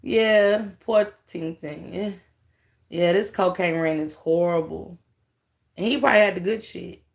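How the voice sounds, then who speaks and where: A woman's voice: fairly low pitch, measured pace, vocal fry. A woman hosting a casual livestream, mocking a clip she reacts to and talking straight to her viewers with laughing asides. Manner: talks straight to chat, thanks viewers.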